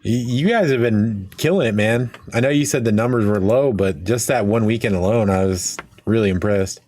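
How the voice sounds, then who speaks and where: A man co-hosting a casual podcast chat, easygoing and quick to laugh. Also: on the low side, a little mellow. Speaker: podcast co-host.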